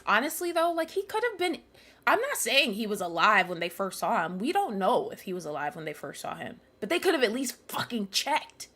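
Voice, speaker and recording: A woman's voice: mid-range voice, very animated, a little fast, few pauses, bright, forceful tone, slightly rough. A young woman streamer commenting live on a game, ranting angrily and swearing at the characters. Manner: angry, profane, ranting at characters.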